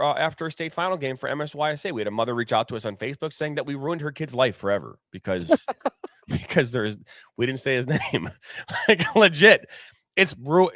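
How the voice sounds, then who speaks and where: Animated ranting man, lively pitch. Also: no room sound, clean studio sound. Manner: animated, swearing, rambling with restarts. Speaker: soccer commentator and podcast co-host. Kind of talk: candid opinionated podcast rant.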